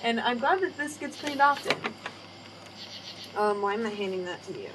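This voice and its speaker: A woman's voice: a little high, expressive, normal speed. A young adult woman hosting a casual podcast chat, rambling along and swearing freely as she tells stories. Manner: rambling, swears freely, acts out quoted voices. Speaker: podcast host. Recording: faint background noise.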